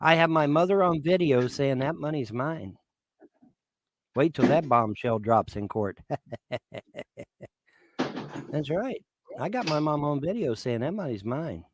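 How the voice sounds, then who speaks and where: A man's voice: fairly high pitch, expressive, measured pace, pauses often, slight background noise. A man in his fifties on a livestream, swearing and making threats in a repetitive rant. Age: 50s.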